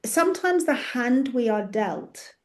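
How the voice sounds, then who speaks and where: A woman's voice: fairly high pitch, lively intonation, slow pace. A woman host talking passionately in an interview from her office, acting out her own prayers as she speaks. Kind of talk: animated faith interview chat.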